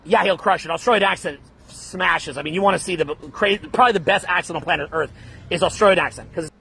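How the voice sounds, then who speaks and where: A man's voice: high voice, fast, creaky, pushed and bright, husky. A man from Canada giving dating advice in a brash, blunt lecture style, calling his listeners bro. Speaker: dating coach.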